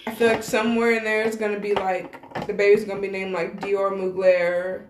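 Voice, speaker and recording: A woman's voice: mid-range voice, flat delivery, a little fast, background noise. A young woman co-hosting a podcast, gushing and giggly in casual chat. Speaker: podcast co-host. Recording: roomy echo.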